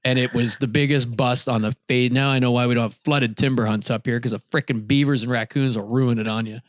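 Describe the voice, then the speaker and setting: A man co-hosting a podcast, casually telling a hunting story. His voice leaps up high when he acts out his own shouting. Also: fairly even intonation, fairly quick, no room sound, clean studio sound. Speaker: podcast co-host.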